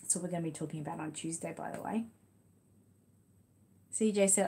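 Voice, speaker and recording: An Australian woman talks casually to her audience and a child in a dim room at home. She reads a funny storybook with animated rhythm and hee-haw noises. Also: lowish voice, normal speed, pauses often. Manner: chatty, talks to viewers and child; animated storytelling, braying sound effects. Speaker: channel host reading a story aloud. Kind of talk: casual chat and storybook read-aloud. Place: home room with lights dimmed.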